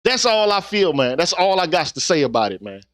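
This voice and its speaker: A man's voice: fairly high pitch, big pitch swings, a little fast, fairly bright tone, no room sound, clean studio sound. A middle-aged man giving an earnest, preachy, profane monologue to his viewers, ending his sentences with "man.". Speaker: YouTube vlogger. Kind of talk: impassioned casual monologue.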